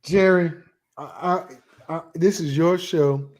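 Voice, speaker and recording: A man's voice: fairly high pitch, slow. A man co-hosting a sports talk show, skeptically challenging the host's claims. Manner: skeptical, pushing back. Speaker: co-host. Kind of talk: heated sports debate.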